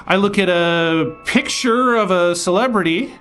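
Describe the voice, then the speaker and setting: A man's voice: sits high, a little slow, a bit bright, faint music behind. A man playing the odd ghost of an old-time pig researcher in improv comedy, needling the other guest with old-fashioned phrasing.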